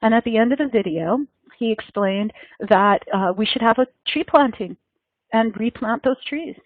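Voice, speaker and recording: A woman's voice: on the high side, lively intonation, normal speed, no room sound. A woman leading a meditation gathering, speaking in an earnest, flowing way that often repeats and restarts phrases. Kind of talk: meditative spiritual talk. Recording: dry, tinny phone-like sound.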